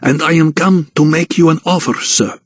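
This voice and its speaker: A man doing a small, dapper count from abroad with a Polish accent, haughty and proud, speaking in a hoarse whisper. The voice sits higher than plain talk and the delivery is slow and careful. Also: no room sound.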